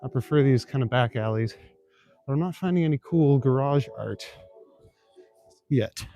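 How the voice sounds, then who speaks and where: At a moderate pace and medium pitch, a young man from Northern Ontario, Canada, chats casually with live stream viewers, with faint music behind him. He's out walking city back streets at night. He keeps things relaxed, swears casually, and reads and answers chat.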